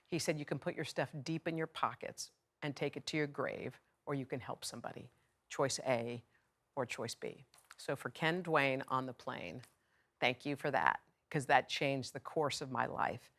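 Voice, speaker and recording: Low gravelly-voiced woman telling a story. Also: a bit bright. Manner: candid, conversational, acts out quoted dialogue. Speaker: award recipient giving a video message. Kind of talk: personal storytelling speech.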